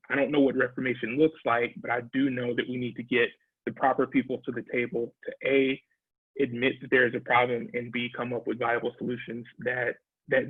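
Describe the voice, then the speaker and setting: A man in his thirties recounts memories over a video call, his voice husky and the sound dry and narrow like a phone line. He talks reflectively, repeating words as he gathers his thoughts. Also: medium pitch, no room sound. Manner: reflective, many repetitions and restarts. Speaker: interviewee, alumnus. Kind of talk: oral history interview storytelling. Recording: tinny video call audio.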